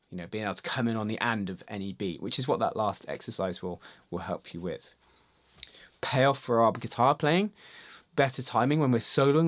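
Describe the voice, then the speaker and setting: A man teaching guitar in an online lesson, explaining rhythm exercises in a chatty way and counting the beats aloud, with small restarts. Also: medium pitch. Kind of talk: relaxed online music lesson.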